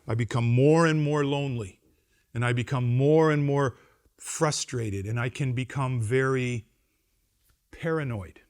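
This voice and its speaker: A middle-aged man, a pastor giving a conference address to seminary students, animated and wry, swinging between loud emphasis and quiet asides. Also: mid-range voice, unhurried, smooth. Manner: wry humor and acted-out quotes. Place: seminary campus lecture.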